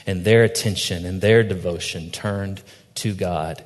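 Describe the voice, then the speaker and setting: A pastor delivers a sermon in a low, unhurried voice. His tone is gentle and reflective as he tells stories to the congregation. The sound rings out with the long reverb of a church hall. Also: steady tone. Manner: storytelling with acted quotes, reflective and gentle.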